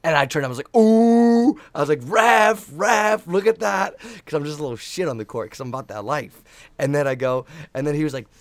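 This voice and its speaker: A man's voice: mid-range voice, quick pace, dry recording. A young man telling a rambling, profanity-laced story in casual chat, hyped-up and emotional. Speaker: podcast co-host, volleyball player.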